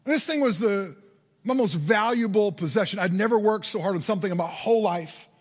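A pastor from Indiana, USA, preaches a sermon in a fairly quick, high voice, telling a personal story that builds to earnest emphasis. The recording carries hall reverb.

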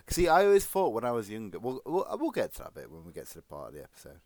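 A man's voice: on the low side, wildly swooping pitch, fast talker, a little mellow, dry recording. A man co-hosting a podcast in casual chat, rambling and jokey with many restarts. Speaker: podcast co-host.

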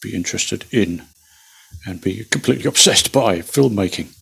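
A man co-hosting a casual chat, hesitant with many pauses and restarts. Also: fairly low pitch, vocal fry, fairly bright tone, slightly rough. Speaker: podcast co-host.

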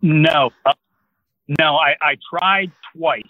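A man's voice: fairly high pitch, slow pace, dry recording, lo-fi sound. A man in his sixties from New Jersey, a guest telling a long rambling anecdote in casual conversation. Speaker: interview guest. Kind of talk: casual storytelling.

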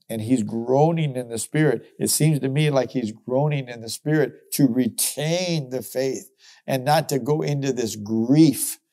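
Warm-toned man teaching the Bible. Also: mid-range voice. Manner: expressive, chuckling, emphatic exclamations.

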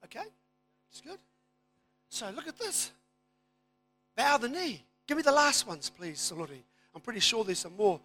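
A man preaching a sermon, moving from quiet asides to loud, emphatic declarations. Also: very high voice, lively intonation, normal speed, long pauses. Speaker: pastor.

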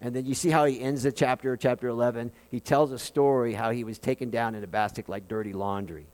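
A man's voice: mid-range voice, fairly even intonation, fast talker, a little mellow. A man preaching a sermon, swinging his voice up and down for emphasis, with wry asides. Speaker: pastor. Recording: long hall reverb.

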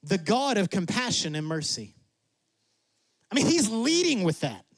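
A man preaching a sermon in a lively way, acting out God and Moses in quick asides. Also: no room sound. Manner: drops to a soft, low voice for emphasis. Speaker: pastor.

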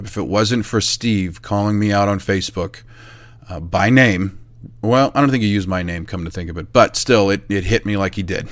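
A middle-aged man who owns a chimney service business tells a casual, animated story about his early work. He acts out the exchanges he describes and laughs at himself. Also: fairly low pitch, no room sound. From New Hampshire, USA.

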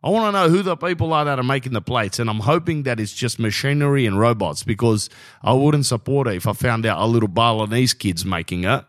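A man's voice: medium pitch, a little fast, a bit bright, dry recording, clean studio sound. An Australian man in his thirties hosting a casual solo podcast, rambling and joking and calling the listener "bro". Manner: rambling, jokey, keeps saying "bro". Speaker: podcast host.

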